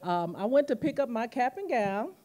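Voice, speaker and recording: A museum president in her fifties, invited as guest speaker, delivers a commemorative address at a podium mic in a university auditorium. Her voice sits on the high side at a moderate pace, and she tells stories with animation, acting out the quotes.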